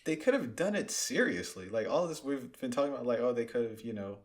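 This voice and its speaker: A man's voice: medium pitch, expressive, fast talker. A man co-hosting a podcast in casual chat, playful and teasing, often laughing. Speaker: podcast co-host.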